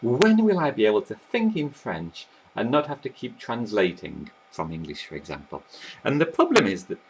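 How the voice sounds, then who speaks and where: A man teaching about language learning, explaining in a lively, animated way while sketching on a board. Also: fairly low pitch, slight background noise, low-quality recording. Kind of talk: explanatory video talk.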